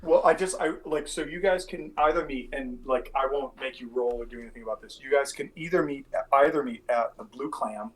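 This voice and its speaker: A man's voice: mid-range voice, a little fast, few pauses, poor audio. A man narrating as dungeon master in a tabletop game, rambling and filling his lines with many fillers. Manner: loose, rambling, heavy on fillers.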